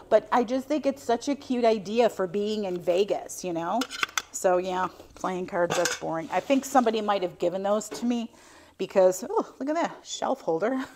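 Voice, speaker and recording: A middle-aged woman talks through an unboxing in a casual vlog, her voice sitting a little low. She gushes and exclaims often, chatty and warm toward her viewers. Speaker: vintage reseller unboxing finds.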